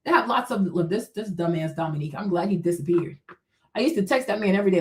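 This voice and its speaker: A woman's voice: on the low side, fast talker. A woman hosting a livestream, giving heated, blunt, profane commentary and talking back to her chat. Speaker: livestream host.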